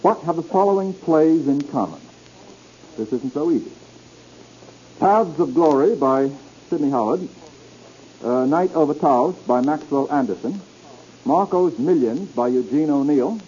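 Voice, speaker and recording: A man's voice: fairly high pitch, expressive, a little slow, pauses often, dark tone. A man hosting a 1930s radio quiz show, teasing the panel with wisecracks. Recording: dull old radio recording with faint hiss.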